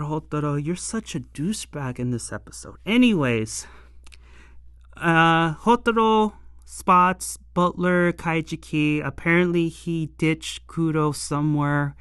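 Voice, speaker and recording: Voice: medium pitch, clean tone, no echo, studio quality. A show reviewer recapping an episode in casual, rambling talk full of fillers and exasperated asides. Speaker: anime and tokusatsu episode reviewer.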